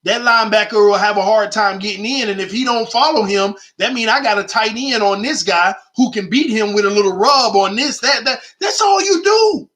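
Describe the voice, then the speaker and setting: A man's voice: sits high, expressive, moderate pace, few pauses, bright, forceful tone. A man hosting his own sports channel, arguing his points emphatically and repeating them for effect in casual commentary.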